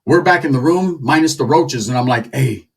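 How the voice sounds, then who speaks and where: A man telling a crude, slang-filled comedic story in an animated way. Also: a little high, fairly quick, husky, far from the mic.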